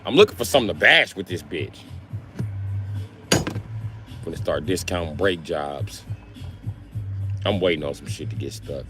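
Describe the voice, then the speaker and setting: A man's voice: rumbling low, animated, normal speed, pauses often, music in the background. A man who works as a mechanic, chatting casually and profanely on a livestream, joking around.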